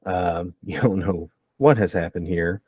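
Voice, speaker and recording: A man running a tabletop game, relaxed and rambling as he narrates. His voice is deep and slow, with a dry, close sound. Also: slightly rough, no room sound. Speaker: game master.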